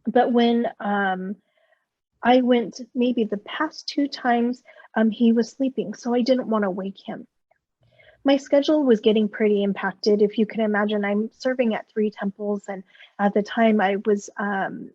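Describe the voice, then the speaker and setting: Woman, Buddhist minister, personal dharma talk, earnest, reflective, candid, fairly high voice, muffled lo-fi sound. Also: mellow, no echo. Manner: earnest, reflective, candid about her own feelings.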